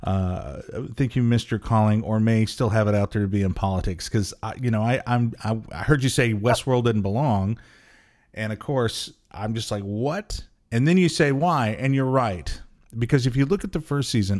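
A man's voice: on the low side, moderate pace, a little mellow. A man co-hosting a podcast in casual chat, rambling and hesitant with many restarts, laughing easily. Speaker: podcast co-host.

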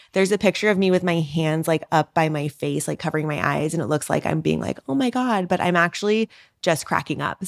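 A woman podcast host in her thirties tells a personal story in a casual monologue. Her voice sits a little low, and her delivery is chatty and animated. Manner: chatty and animated, laughing asides.

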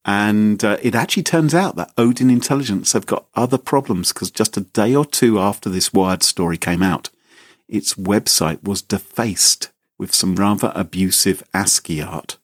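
A man's voice: fairly low pitch, normal speed, slightly rough, no room sound. A man hosting a podcast in casual chat, with dry, sarcastic humor. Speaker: podcast host.

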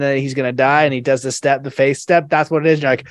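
An earnest man hosting a conversation, thinking aloud with plenty of fillers. Now and then he bursts into excited quoted exclamations. His voice sits at an ordinary pitch and is recorded dry, with no room sound. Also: a little fast, few pauses, dry recording. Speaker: podcast host. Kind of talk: casual interview chat.

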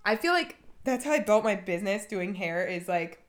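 A woman's voice: mid-range voice, sing-song, normal speed. A young woman who is a hairstylist, co-hosting a podcast in a playful, jokey casual chat.

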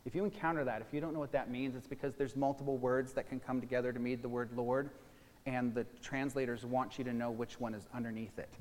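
A man's voice: medium pitch, steady tone, quick pace, a little mellow. A man preaching a sermon, teaching casually and a little self-deprecating, then reading scripture aloud with emphasis. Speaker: pastor. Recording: long hall reverb.

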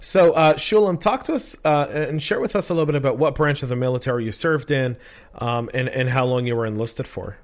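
A man's voice: mid-range voice, brisk. A man hosting a casual podcast interview, chatty and rambling, often repeating words. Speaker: podcast host.

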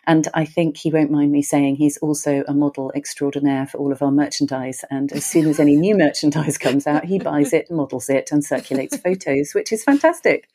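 Deep, mellow woman host. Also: fairly quick, few pauses. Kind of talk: podcast introduction.

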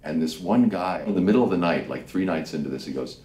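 A man who works as a voice actor, telling an anecdote in an animated way and acting out the people in it. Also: sits low, fast talker, hardly any pauses, echoey room. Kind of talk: storytelling anecdote.

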